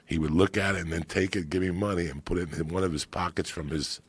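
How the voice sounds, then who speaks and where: Middle-aged guy spinning foul-mouthed stories, super low gravelly voice, kinda husky. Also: steady tone, fast talker, no echo. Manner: loud, profane, laughing storyteller. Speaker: podcast guest. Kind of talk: profane storytelling chat.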